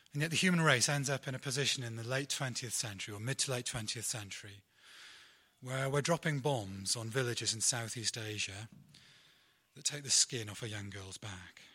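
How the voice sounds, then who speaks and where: A middle-aged Englishman delivering a sermon with a very bright, forceful tone. He keeps it conversational and self-deprecating and talks straight to his congregation. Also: mid-range voice, normal speed, husky. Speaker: preacher.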